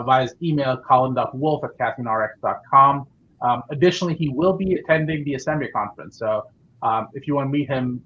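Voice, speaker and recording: Man, podcast host, casual interview chat, mid-pitched voice, upbeat, filler words, a bit lo-fi. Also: a bit bright, a little hiss or hum. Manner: many fillers and restarts, upbeat.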